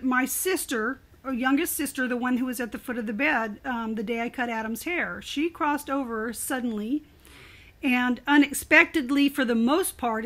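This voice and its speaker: An older woman speaks as an interview guest, her voice pitched high. She tells her story with animated, expressive energy, in a casual conversational way.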